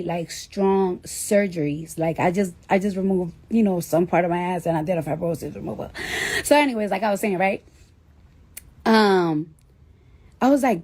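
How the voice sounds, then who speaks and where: A woman's voice: on the high side, a little mellow. A woman telling a personal story to her livestream viewers, rambling and swearing, with "like" all through her talk. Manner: rambling, profane, heavy use of "like". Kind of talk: casual storytelling.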